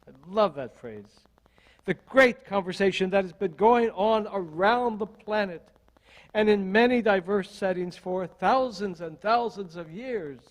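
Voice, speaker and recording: Slow, high-voiced older male preacher. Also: lively intonation, low-quality recording. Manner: measured, deliberate preaching with repeated rhetorical questions. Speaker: associate minister. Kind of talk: sermon.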